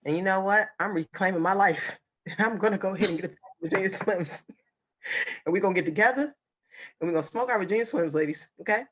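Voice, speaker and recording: A woman's voice: mid-range voice, quick pace. Teasing woman podcast host, under the weather. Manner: teasing, playful, laughs often. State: sick, husky laugh. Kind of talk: casual chat. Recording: slightly dull lo-fi sound.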